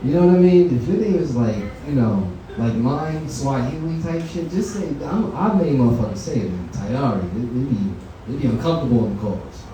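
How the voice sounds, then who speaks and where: A man's voice: mid-range voice, lively intonation, fairly quick, hardly any pauses, dark tone, a little hiss or hum. A man doing a stand-up comedy set, telling loose, profane stories in a conversational way. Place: comedy venue lounge, indoors. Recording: echoey room from far off.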